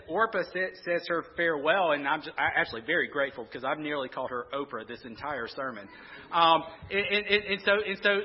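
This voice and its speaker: A pastor preaches in a high, slightly rough voice, talking conversationally and repeating words as he thinks aloud. The sound is muffled, captured in a reverberant hall.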